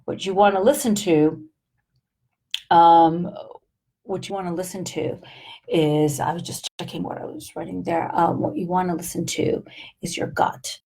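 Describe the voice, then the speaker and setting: A woman's voice: lowish voice, steady tone, unhurried, creaky, warm tone. A middle-aged woman coaching viewers in a live motivational talk, upbeat and emphatic, checking in with "right?" and "okay?" as she goes. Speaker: life coach.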